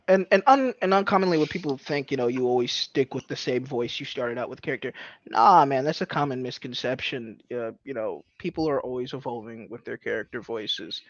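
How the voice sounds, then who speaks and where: A man's voice: mid-range voice, dry recording, lo-fi sound. A man in casual chat about voice acting, laid-back and peppering his talk with "you know" and "man".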